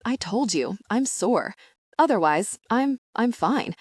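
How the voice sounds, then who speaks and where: A woman's voice: fairly high pitch, expressive, takes it slowly, slightly rough, no echo, clean studio sound, voice pushed up, exaggerated voice. A woman voicing a proud, guarded husband in his thirties who answers tersely in an audiobook.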